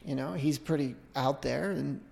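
A middle-aged man, a podcast guest, telling a long casual anecdote in a rambling, animated way, often breaking off and restarting. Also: medium pitch, normal speed, creaky, long reverb tail. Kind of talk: casual storytelling.

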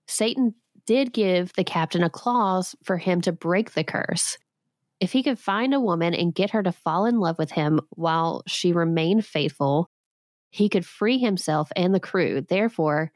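A woman's voice: fairly low pitch, no echo, clean studio sound. A woman in her thirties hosting a podcast, retelling a legend with sarcastic comic asides and frequent laughs. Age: 30s. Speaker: podcast host.

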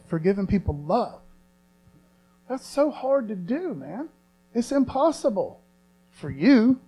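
A man preaching a sermon, repeating phrases slowly for emphasis and asking for amens. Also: darkish tone. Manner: call-and-response, asks congregation for affirmation. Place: church sanctuary. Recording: low mains hum.

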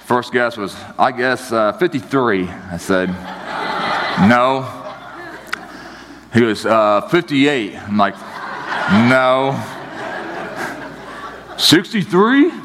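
Speaking slowly and pausing often, a pastor in his thirties delivers a sermon as conversational, animated storytelling, playing out the characters he describes. His voice is mid-range, and the recording has the sound of a large hall with some background noise.

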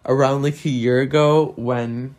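A man's voice: mid-range voice, steady tone, unhurried, a little mellow. A young man with a non-native English accent, hosting a podcast in a candid, self-deprecating solo monologue and swearing often. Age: young adult. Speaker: podcast host.

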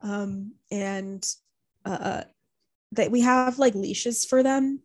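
A woman's voice: mid-range voice, drawn-out words, darkish tone, no echo. A young woman in casual chat, telling a family story with many fillers and acting out what her relatives said. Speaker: podcast co-host.

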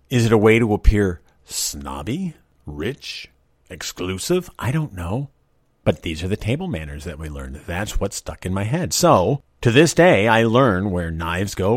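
A man with a somewhat low voice reminisces in a lively, emphatic way, leaning hard on his repeated objections. The recording is close and dry, and his wry delivery swings widely in pitch. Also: no room sound. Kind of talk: reminiscing monologue.

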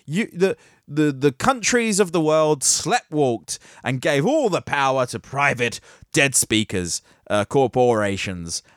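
A man's voice: mid-range voice, fairly bright tone, no room sound, studio quality. A man hosting a podcast, giving theatrical, sarcastic solo commentary on tech news. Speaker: podcast host.

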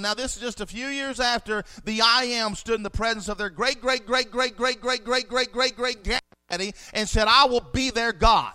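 High, bright-voiced fervent preacher man. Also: moderate pace, few pauses, clean tone. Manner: fervent preaching, reads scripture aloud, swells for emphasis. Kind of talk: sermon.

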